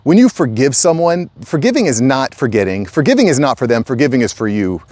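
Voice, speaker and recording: A man's voice: mid-range voice, big pitch swings, brisk, darkish tone, no room sound. A middle-aged man hosting his channel, talking straight to viewers in an emphatic, repetitive way and calling them guys. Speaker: channel host. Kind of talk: casual direct-to-camera talk.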